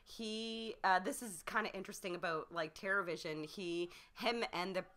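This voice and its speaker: A woman's voice: mid-range voice, moderate pace, fairly bright tone. A woman co-hosting a podcast, chatty and enthusiastic, often laughing. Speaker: podcast co-host. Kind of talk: casual chat.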